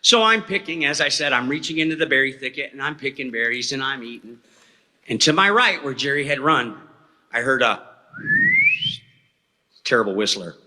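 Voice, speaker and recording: In a hall before an audience, a man speaking as an eyewitness tells a folksy, wandering story and keeps checking in with "okay?". His medium-pitched voice is bright and forceful, with lively intonation, a moderate pace and frequent pauses. There's slight background noise and reverberant hall sound.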